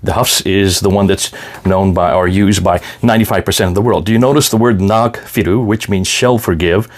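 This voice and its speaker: A man presenting an explanatory talk in an emphatic way, his pitch swinging up and down, with frequent restarts. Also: steady tone, a little fast.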